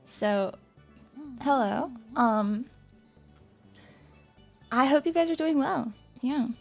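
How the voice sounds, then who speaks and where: A young woman livestreamer chatting casually with viewers, playful and excitable, swearing and breaking into loud screams and laughs. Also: high voice, slow, gravelly, soft background music. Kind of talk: casual chat to stream viewers.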